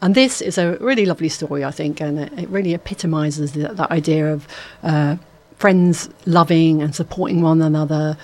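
A woman's voice: low voice, normal speed, darkish tone. A woman presenting a live radio show, chatting in an upbeat, chatty way with frequent ums.

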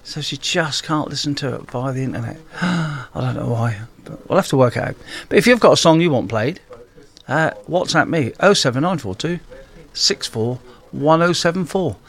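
A man's voice: a little high, lively intonation, moderate pace, a bit bright. Chatty local radio presenter, a man. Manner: chatty, informal, with fillers. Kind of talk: live radio traffic update and chat.

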